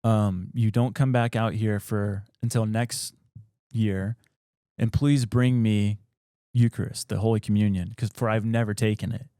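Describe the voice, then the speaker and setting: A man voicing a holy hermit woman of the desert, speaking in calm, grave pronouncements. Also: fairly low pitch, unhurried, smooth, no echo, studio quality, close to an everyday voice. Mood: solemn.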